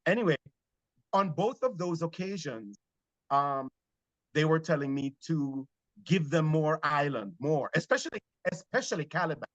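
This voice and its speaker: A man from Jamaica with a Jamaican accent, a theater actor telling stories in an interview, animated but hesitant. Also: a little high, moderate pace, dry recording, dull audio. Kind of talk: conversational interview.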